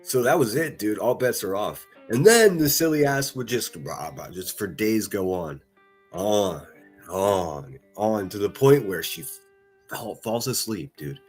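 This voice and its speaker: A man's voice: on the low side, big pitch swings, measured pace, husky, soft background music. A man from the northern United States ranting on a livestream, profane, mocking and combative.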